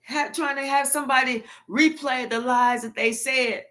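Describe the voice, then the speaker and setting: A woman giving a spiritual reading, telling it like a profane, animated story. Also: high voice, moderate pace, few pauses. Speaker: tarot reader.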